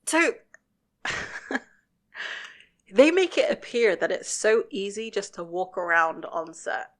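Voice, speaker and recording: A woman co-hosting a podcast, casually talking through a TV episode, relaxed and quick to giggle. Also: medium pitch, a little hiss or hum. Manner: relaxed, giggly, thinks aloud. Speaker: podcast co-host. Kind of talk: casual chat about a TV episode.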